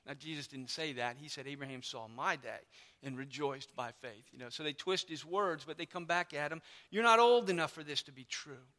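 High, bright-voiced man preaching in a church. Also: brisk. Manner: animated teaching, explaining and emphasizing. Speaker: pastor. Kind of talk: sermon. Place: church sanctuary. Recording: long hall reverb.

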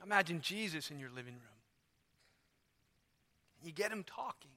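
A man's voice: fairly high pitch, animated, normal speed, pushed and bright. A man preaching a sermon in a church, conversational and storytelling with frequent asides. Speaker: pastor.

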